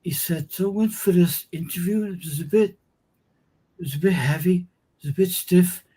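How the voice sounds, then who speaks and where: A man with a slightly raised, husky voice talks in relaxed conversation. He recounts a friend's story and reacts with quick asides. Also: high voice. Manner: conversational, reacts with short interjections. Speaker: show co-host. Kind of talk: casual chat.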